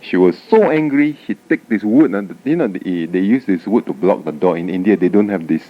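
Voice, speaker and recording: A man's voice: deep voice, brisk. A man giving a Buddhist dharma talk, telling stories animatedly and often tagging lines with "huh?". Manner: animated storytelling, frequent "huh?" tag questions. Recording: dull lo-fi 1989 tape recording.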